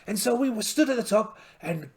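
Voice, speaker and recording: A man's voice: sits high, lively intonation, a little fast. A man voicing a polite, boastful one-eyed pirate captain in a solo tabletop game, theatrical and full of exclamations. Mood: hearty. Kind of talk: in-character solo game narration.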